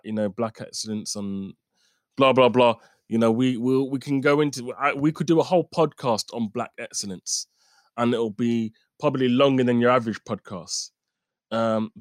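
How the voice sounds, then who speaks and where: A man's voice: mid-range voice, no room sound, studio quality. A man co-hosting a casual sports podcast, teasing and laughing often. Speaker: podcast co-host.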